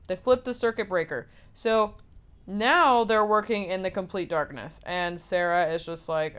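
A woman's voice: lowish voice, measured pace, fairly bright tone, smooth. A young woman casually recapping a horror film's plot, talking loosely with lots of fillers and the odd swear word. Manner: casual, filler-heavy storytelling with frequent "like" and swearing. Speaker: film recapper.

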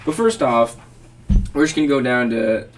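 A man co-hosting a casual sports podcast, setting up segments in a relaxed way with fillers. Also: medium pitch, normal speed, recorded from a distance, low-quality recording. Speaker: podcast co-host.

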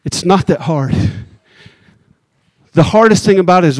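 High-voiced preacher, dry close sound. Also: male voice, expressive, a little mellow, no echo. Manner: conversational preaching, teasing the congregation, slows down for emphasis. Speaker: pastor. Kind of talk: sermon.

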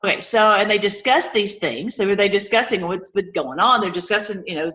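A woman's voice: fairly low pitch, a little fast, a bit bright, rough recording. Enthusiastic woman teaching the Bible. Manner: enthusiastic, chatty, addresses viewers directly. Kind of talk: informal Bible teaching with scripture reading.

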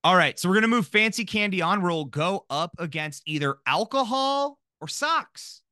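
A man in his thirties chatting on a podcast, his voice high and bright. He swings up and down with lively energy, joking at his own expense. The sound is close and dry. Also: normal speed, dry recording. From Minnesota. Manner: animated, jokey, self-deprecating. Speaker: podcast co-host. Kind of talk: casual chat.

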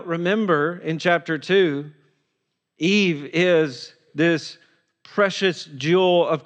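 Pastor guy preaching slow, high voice, keeps hammering the same question. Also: a bit bright. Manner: emphatic, repeats rhetorical questions. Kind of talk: sermon.

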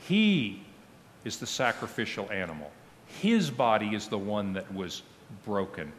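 Slow, solemn pastor in a reverberant church. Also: male voice, on the low side, sing-song, slight background noise. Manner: slow, solemn reading with falling, hushed phrase ends. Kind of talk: sermon. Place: church sanctuary.

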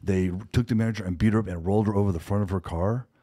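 A man's voice: fairly low pitch, steady tone, racing, mellow. A man who co-owns a security company, telling a story in conversation and acting out the dialogue of the people in it.

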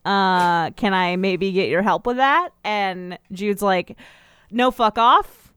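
A woman co-hosting a podcast, summarizing a TV episode in casual chat with a wry, deadpan manner. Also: medium pitch, slow pace, clear, resonant tone. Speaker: podcast co-host.

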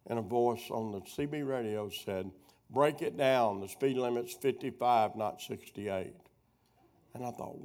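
A man's voice: medium pitch, darkish tone. A middle-aged man teaching a sermon with personal stories, a rambling storyteller who loses his thread and doubles back. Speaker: preacher teaching a prophecy workshop.

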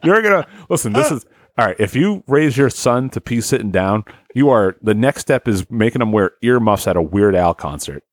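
A man's voice: fairly low pitch, sing-song, normal speed, no echo. A man co-hosting a podcast, ribbing his friends in casual, profane banter. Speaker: podcast co-host. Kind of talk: casual comedic chat.

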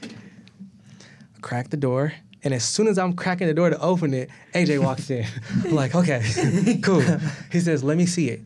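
A man in his thirties, a guest, telling a long story in a casual and animated way, laughing often, swearing, and acting out what others said. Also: on the high side, normal speed. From Atlanta, US.

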